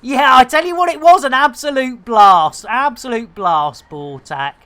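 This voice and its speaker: A woman's voice: high voice, unhurried, fairly bright tone. A middle-aged British woman streaming a game, chatting with viewers in jokey, slangy banter. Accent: British English. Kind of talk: casual live commentary while playing.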